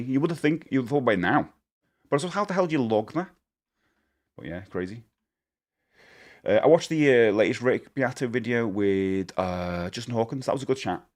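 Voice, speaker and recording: A man's voice: medium pitch, a little mellow. A man chatting casually to his live-stream viewers. He rambles and corrects himself as he goes, and he laughs often. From United Kingdom.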